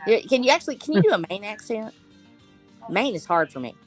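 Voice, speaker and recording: A woman's voice: mid-range voice, sing-song, fairly quick, soft background music. A woman from Texas chatting enthusiastically in a writers' discussion and thinking aloud as she talks. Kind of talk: casual chat.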